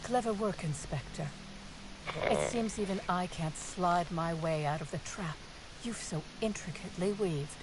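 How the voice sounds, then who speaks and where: A woman's voice: on the low side, a little slow. Grandiose cult-leader lady. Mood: confessing. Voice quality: grandiose, theatrical delivery. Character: scheming theatrical female cult-leader suspect. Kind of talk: video game voice acting. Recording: game audio with clear background noise.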